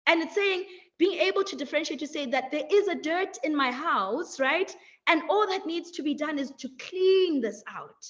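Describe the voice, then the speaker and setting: High-voiced woman speaking slowly. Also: animated, muffled recording. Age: young adult. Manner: measured, drawn-out phrasing, frequent "like" and "right?". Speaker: webinar speaker. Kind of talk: reflective motivational talk.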